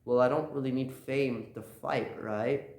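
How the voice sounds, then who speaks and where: A man's voice: steady tone, a little slow, a little mellow, natural voice. A man voicing a laid-back, carefree male samurai swordsman in a roomy room. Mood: breezy. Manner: casual, breezy delivery, pitched up from own voice. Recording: roomy echo.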